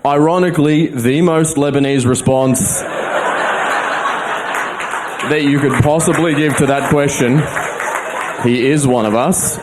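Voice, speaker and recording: A man with an Australian accent doing a stand-up comedy set on stage before a live audience, delivering wry, deadpan jokes and acting out quotes. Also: medium pitch, normal speed, a loud crowd, heavy background noise.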